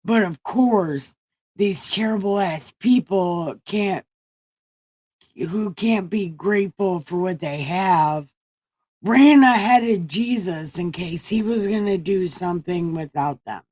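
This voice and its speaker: Woman slowly riffing on bible stories on her stream, low-ish voice, super dry sound, swears a lot. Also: animated, mellow, no room sound, low-quality recording. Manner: irreverent, profane, rambling. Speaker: livestream host. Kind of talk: casual comedic Bible retelling.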